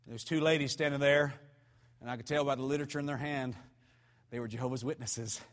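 A man from North Georgia with a Southern American accent, preaching a sermon as pastor with loud storytelling. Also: mid-range voice, fairly even intonation, quick pace. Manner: loud storytelling, swinging into shouts. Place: church. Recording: reverberant church hall.

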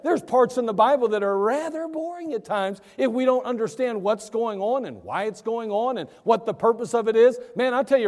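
High, lively-voiced preaching man. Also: big-room sound. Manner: emphatic, conversational preaching that acts out listeners' objections. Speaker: pastor. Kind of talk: sermon. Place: church.

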